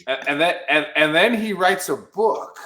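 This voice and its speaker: A man's voice: a little high, lively intonation, moderate pace, pushed and bright, reverberant. A man hosting a veterans' talk show, teasing his guests in rowdy, profane, joking banter. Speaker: podcast host. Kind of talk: rowdy casual chat.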